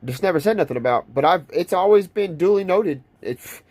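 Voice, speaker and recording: A man's voice: sits high, lively intonation, fairly quick, a little mellow, no echo. A young man talking straight to camera in a casual vlog, rambling and intense, with many restarts. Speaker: vlogger.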